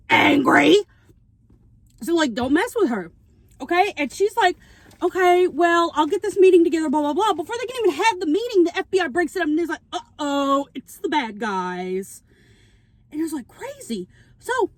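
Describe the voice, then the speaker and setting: A woman's voice: high voice, no echo. A woman vlogging from her car, recapping a movie plot in casual, rambling talk and acting out the characters' lines as she eats. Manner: rambling, animated, acts out quotes. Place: in a parked car. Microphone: phone camera.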